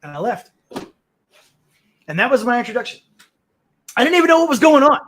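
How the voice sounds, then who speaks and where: Animated, high-voiced man telling a profane story. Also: a little fast, slight background noise. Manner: profane, animated, acts out the other people in his stories. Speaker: guest on a call-in talk show. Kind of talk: casual storytelling chat.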